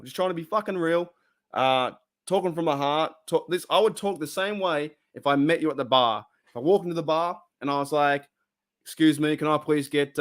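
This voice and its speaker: An Australian man hosting a casual live stream, talking bluntly and heatedly and swearing freely. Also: a little high.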